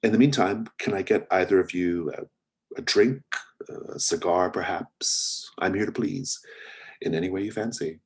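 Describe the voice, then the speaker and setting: A man's voice: sits low, normal speed, slightly rough. Man doing a fawning young doorman.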